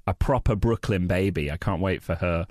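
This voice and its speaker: A British man, a comedian and freestyle rapper, chatting as a podcast guest in a quick, self-deprecating way with many restarts. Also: deep voice, a little mellow, no room sound, clean studio sound. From Britain. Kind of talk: casual chat.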